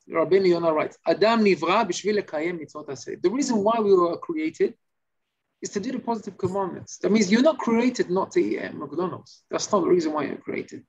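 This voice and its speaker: A male rabbi giving an informal Torah class, telling stories and acting out the shouting characters. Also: sits high, slightly rough. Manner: animated storytelling, acts out shouting characters. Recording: slightly muffled recording with faint noise.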